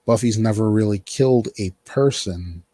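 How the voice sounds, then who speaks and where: A man with a low, slightly husky voice chats loosely about a TV show. He rambles through fillers and asides. The sound is dry and close. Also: moderate pace, dark tone, no room sound. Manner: rambling, filler-heavy, quotes characters in mock voices. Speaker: podcast host. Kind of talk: casual chat recapping a TV show.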